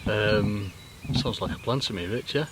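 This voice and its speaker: A man's voice: on the low side, moderate pace. A man with a jokey, matey way of talking, hosting a fishing challenge outdoors at a lake. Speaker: angler and show host. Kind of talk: chatty on-camera commentary. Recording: distant outdoor mic with loud noise.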